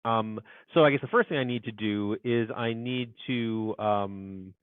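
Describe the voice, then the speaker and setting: A man's voice: fairly low pitch, unhurried, clear, resonant tone, dry recording, narrow, tinny audio. A man teaching a programming class, thinking aloud as he codes and muttering asides to himself. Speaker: university instructor. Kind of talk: live coding lecture.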